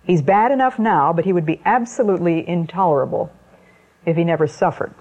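A woman preaching an evening sermon talk in a slow, deliberate manner, with weighty pauses between phrases. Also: fairly low pitch, darkish tone. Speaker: Christian speaker. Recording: muffled lo-fi recording.

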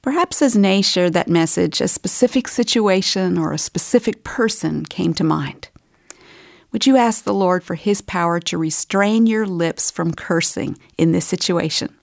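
Gravelly-voiced woman radio host, dry. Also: on the low side, moderate pace, dry recording. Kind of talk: scripted radio wrap-up.

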